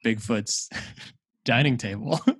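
A man plays a tabletop game, answering the game master hesitantly and filling gaps with "um" and "uh." He speaks slowly at a middle pitch. The recording is dry and close. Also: breathy edge, dry recording. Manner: hesitant, with many "um" and "uh". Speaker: player. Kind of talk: improvised role-play as a player.

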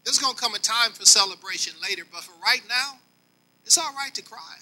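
Male pastor, older, folksy sermon delivery with a high, very bright tone. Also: expressive, a little fast, low-quality recording. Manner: preaching with swings between soft and loud; folksy, talks directly to the congregation.

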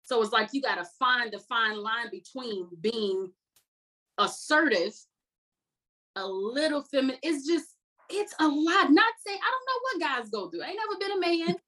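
A woman's voice: high voice, expressive, moderate pace, sharp tone, rough recording. A woman in her thirties, an army veteran guest, telling her story candidly with an earnest, self-mocking manner. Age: 30s. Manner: earnest, reflective, laughs at herself.

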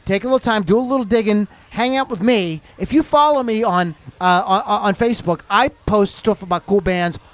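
A man's voice: high voice, moderate pace, hardly any pauses. A man hosting a rock podcast in a loose, rambling, jokey way. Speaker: podcast host. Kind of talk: casual chat.

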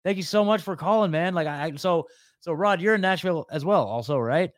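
A man's voice: on the high side, lively intonation, brisk, no room sound, studio quality. A man from the US West Coast hosting a podcast call-in show, chatting casually and calling people man and dude.

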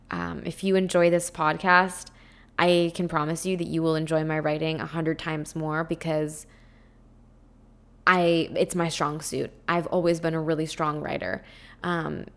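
A woman hosting a podcast, talking on her own in an earnest, heartfelt way, chatty and full of spiritual self-help phrasing. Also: sits low. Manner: chatty, with frequent "like" and "um". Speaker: podcast host. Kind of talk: casual podcast monologue.

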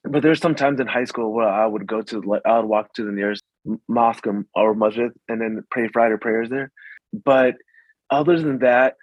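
A man's voice: medium pitch, dry recording. Young guy from the dc suburbs, lots of "like" and restarts, dry muffled recording. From suburbs of Washington, DC. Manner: halting, full of "like" fillers and restarts. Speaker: guest. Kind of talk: casual conversation.

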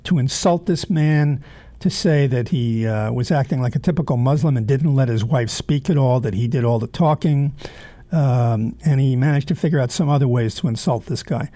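A man hosting his own show, giving blunt political commentary in a halting way with many fillers. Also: mid-range voice, dark tone, no room sound. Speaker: show host. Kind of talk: opinionated political commentary monologue.

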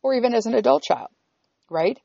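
A middle-aged woman vlogger tells a personal story in a fairly high, animated, creaky voice with a dark tone, speaking fairly quickly. She's blunt, candid, and profane, often checking in with listeners. The recording has no echo and is dull and slightly lo-fi.

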